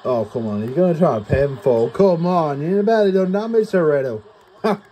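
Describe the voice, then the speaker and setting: A young man reacts excitedly while playing a wrestling game, heckling the in-game announcers. His voice sits a little high with big lively swings in pitch, though its tone is mellow. A faint hum runs underneath. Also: moderate pace. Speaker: gaming YouTuber. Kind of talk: casual gameplay commentary.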